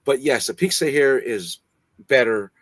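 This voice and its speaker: Male co-host from California, chummy and profane, mid pitch, dry sound. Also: expressive, unhurried, a bit bright, dry recording. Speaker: co-host of a comics livestream. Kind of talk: casual chat. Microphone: livestream setup.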